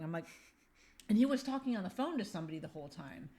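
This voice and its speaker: A woman in her fifties co-hosting a podcast, telling a travel story in a casual, animated way and acting out the voices of the people in it. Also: medium pitch, fast. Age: 50s. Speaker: podcast co-host. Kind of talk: casual chat.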